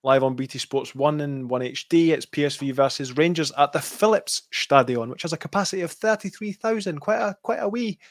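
A man's voice: on the high side, fairly quick, few pauses, no echo, studio quality. A man with a Scottish accent co-hosting a football podcast, casually chatting and reeling off match statistics. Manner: lively, reels off match statistics. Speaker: podcast co-host. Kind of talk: casual football chat reading out stats.

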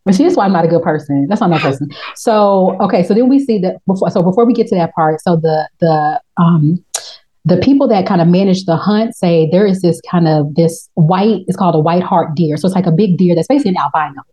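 A woman hosting a casual TV recap chat, telling the story in a slangy, profane, animated way and slipping into quick voices for the characters. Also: on the low side, husky, poor audio. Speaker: podcast host.

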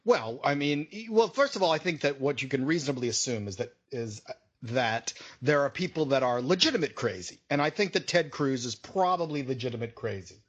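A man's voice: medium pitch, animated, fairly quick, muffled recording. Crude, blunt male podcast co-host. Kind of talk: casual comedic political chat.

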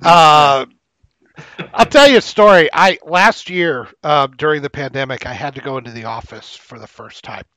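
A man's voice: fairly high pitch, normal speed, pushed and bright, no room sound. A man co-hosting a podcast through a headset mic, blunt and complaining, talking casually with swearing. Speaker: podcast co-host. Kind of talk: casual chat.

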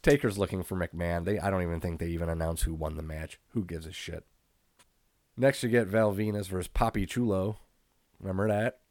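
A man's voice: low voice, steady tone, fairly quick, a little mellow, no echo, studio quality. A man co-hosting a podcast, recapping old wrestling shows in a laid-back, profane way and laughing often. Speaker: podcast co-host. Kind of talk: casual wrestling recap chat.

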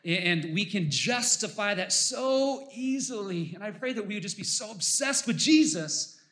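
A man's voice: high-pitched, lively intonation, unhurried, a bit bright, reverberant. A male pastor preaching a sermon to his congregation, emphatic and exhorting, his voice rising as he urges listeners on.

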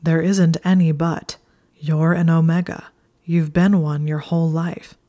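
A woman voicing a possessive young male wizard lover in a breathy, whispered role-play. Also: deep voice, little pitch movement, measured pace, dark tone. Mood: insistent.

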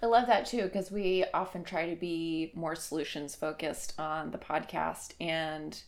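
A woman co-hosting a podcast in casual, upbeat conversation. Her voice sits on the low side and has a gravelly fry to it. She talks warmly and plainly as she makes her points. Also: steady tone, a little slow. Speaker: podcast co-host.

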